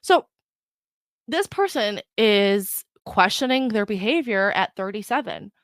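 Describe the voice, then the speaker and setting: An Irish woman hosts her own solo podcast, chatting casually and reading aloud in an emphatic style, often breaking off and restarting her thoughts. Her mid-range voice has lively intonation and a measured pace. She speaks close to a podcast mic with no room sound.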